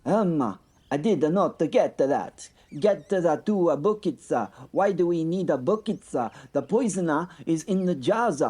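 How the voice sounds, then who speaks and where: A man voicing a dim, sarcastic male mercenary captain with a Cypriot accent, halting and full of uh and um. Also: a little high, animated, mellow, breathy edge. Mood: dim, sluggish. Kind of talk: comic audio drama.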